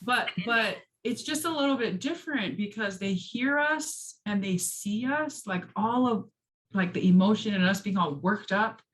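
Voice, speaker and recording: A woman hosts a relaxed conversation in a mid-range voice. She tells stories with energy and jumps high when she quotes people. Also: moderate pace, rough recording. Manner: animated storyteller, acts out quotes with big pitch jumps. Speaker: host. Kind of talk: casual chat.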